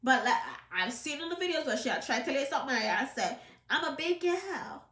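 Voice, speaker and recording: High-pitched scolding Jamaican woman. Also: animated, quick pace, a bit bright, roomy sound. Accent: Jamaican, with some British. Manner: scolding, emphatic patois rant. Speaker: vlogger. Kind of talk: opinion commentary to camera.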